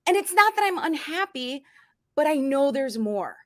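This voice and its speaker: A woman's voice: high-pitched, sing-song, normal speed, no echo, clean studio sound. A woman in her forties, an author and interview guest, telling her story in a casual way and laughing easily. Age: 40s.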